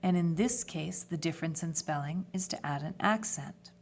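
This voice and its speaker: A woman teaching a lesson, speaking clearly and patiently and spelling words out letter by letter. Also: sits low, moderate pace, slight background noise. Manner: switches between French and English phrases. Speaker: French teacher. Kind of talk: classroom lesson video.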